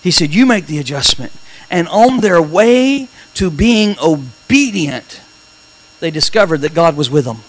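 A male pastor preaching a lively sermon with call-and-response asides and dramatic shouted peaks in a church. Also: a little high, measured pace.

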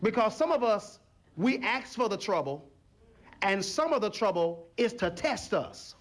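The pastor's voice sits high, and he keeps a measured pace. His animated sermon in the church sanctuary features acted-out voices in little scenes and calls for the congregation to respond.

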